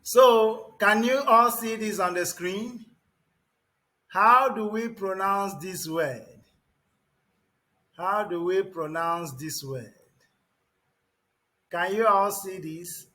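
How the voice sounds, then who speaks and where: In a classroom lesson on English pronunciation, a man with a high, pushed, bright voice repeats words slowly and with emphasis. He calls on students by name.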